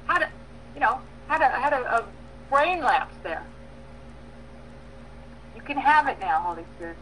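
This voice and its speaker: A woman preaching a sermon, emphatic, with bursts of loud stress and soft pauses, acting out prayers and dialogue. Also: high-pitched, sing-song, slight background noise, low-quality recording. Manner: acts out prayers and quoted dialogue.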